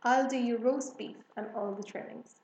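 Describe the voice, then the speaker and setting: A woman's voice: on the high side, steady tone, moderate pace, a little mellow, reverberant, lo-fi sound, slight background noise, close to an everyday voice. A woman reading as a kindly, sensible village woman.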